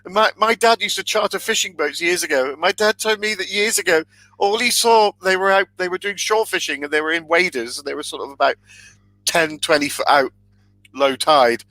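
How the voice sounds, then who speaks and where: A man's voice: high-pitched, brisk, sharp tone, dry recording, rough recording. A man co-hosting a comedy podcast, telling stories in a casual chat and often laughing mid-sentence. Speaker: podcast co-host.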